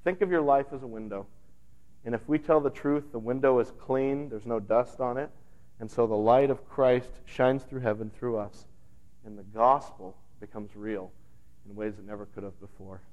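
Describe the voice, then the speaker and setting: A man's voice: medium pitch, normal speed, lo-fi sound. A man preaching a sermon as a pastor, in a conversational way, sometimes acting out voices in the stories he tells. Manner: conversational preaching with animated retelling.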